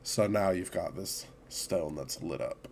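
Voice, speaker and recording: A man narrating a tabletop game as game master, in a relaxed manner. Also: deep voice, vocal fry, a little hiss or hum. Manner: relaxed, slow narration with laughs.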